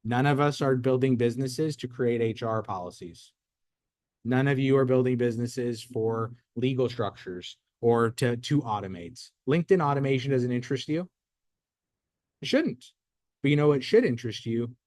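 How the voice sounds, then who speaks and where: A man hosting a business workshop, talking casually and acting out a short story with lively quoted lines. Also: medium pitch, normal speed, no echo. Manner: energetic storyteller, acts out quotes. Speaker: host. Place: event space.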